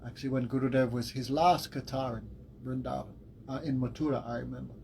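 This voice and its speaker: A man giving a devotional class as a spiritual teacher, telling the story in a lively way. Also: mid-range voice, a little fast, creaky, a little hiss or hum, low-quality recording. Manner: animated storytelling with laughs and acted quotes.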